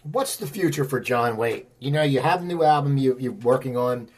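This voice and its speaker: A man's voice: medium pitch, expressive, normal speed. A man interviewing a musician, asking chatty, eager questions.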